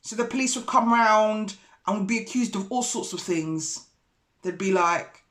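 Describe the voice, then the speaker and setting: Woman, vlogger, indignant, animated storytelling, mid-pitched voice. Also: moderate pace. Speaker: vlogger and mortgage broker. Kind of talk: casual storytelling vlog.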